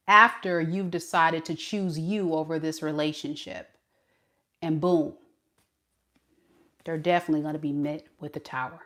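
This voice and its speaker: Unhurried woman doing a live tarot reading, chatty, laughs a lot, talks to her chat. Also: on the low side. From Southern US. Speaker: tarot reader. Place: home at night.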